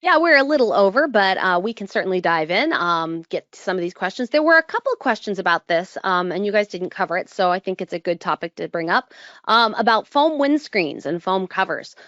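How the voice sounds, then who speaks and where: A woman's voice: mid-range voice, big pitch swings, brisk, fairly bright tone, dry recording, lo-fi sound. A woman moderating a webinar, reading audience questions with a hesitant, um-filled manner. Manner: hesitant, many ums.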